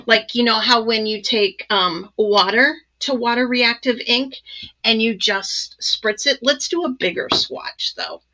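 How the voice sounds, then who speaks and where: A woman hosting a casual live crafting demo, chatty and excited, with many ums and asides. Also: on the high side, measured pace, muffled recording. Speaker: crafting channel host.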